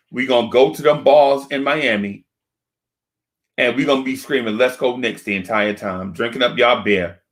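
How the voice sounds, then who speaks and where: A man hosting a sports fan talk stream into a desk microphone. He rants in an animated, repetitive way and keeps yelling the same rhetorical questions. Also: mid-range voice. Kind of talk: live-streamed fan rant.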